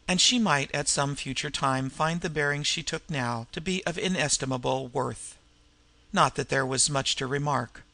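A man narrating a novel in a measured, even storytelling manner. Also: fairly high pitch, vocal fry, no echo. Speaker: audiobook narrator. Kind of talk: scripted narration.

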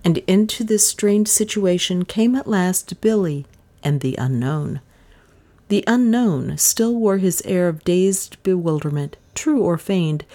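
A woman reads a story aloud as an audiobook narrator. Her voice sits low, but her delivery swings widely, building suspense with dramatic emphasis. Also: warm tone. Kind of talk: expressive scripted narration.

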